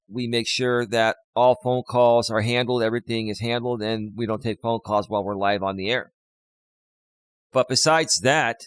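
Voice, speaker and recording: A man's voice: medium pitch, no echo. A man, a life coach, talking on a live stream in an impassioned, preachy way that repeats points.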